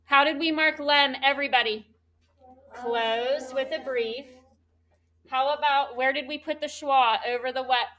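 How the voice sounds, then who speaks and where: A woman teaching a third grade spelling lesson, spelling words out slowly and clearly letter by letter. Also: high voice, fairly even intonation, fairly bright tone.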